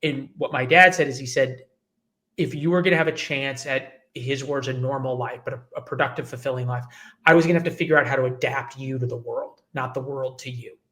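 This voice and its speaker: A man's voice: mid-range voice, fairly even intonation, brisk, a bit bright. A man in his forties, a journalist guest telling his life story in an interview, acting out the people he quotes. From United States. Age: 40s.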